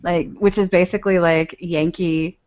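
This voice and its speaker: A woman's voice: fairly low pitch, steady tone, normal speed, a crowd in the background. A woman joining a casual group chat as a guest, giggly and full of likes. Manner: giggly, uses like often. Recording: dull lo-fi online call audio.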